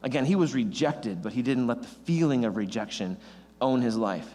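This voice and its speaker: A young man giving a casual, joking youth sermon, chatty and self-deprecating. His voice sits at a middle pitch, and the long reverb of a large hall trails every phrase. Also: normal speed, faint music behind. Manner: rambling, self-deprecating, animated. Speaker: youth pastor.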